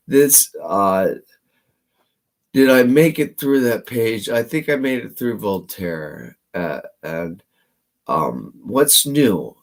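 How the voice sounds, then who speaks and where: A man giving rambling solo commentary while reading aloud, meandering and restarting often, swinging between louder bursts and low mumbles. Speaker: channel host.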